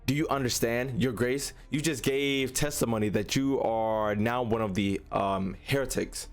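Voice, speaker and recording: A man gives voice to a vengeful young witch-saint who mocks and threatens in a slow, sneering tone. The delivery stays close to an everyday male voice with a middling pitch, read from game dialogue. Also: soft background music, close to an everyday voice. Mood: cruel.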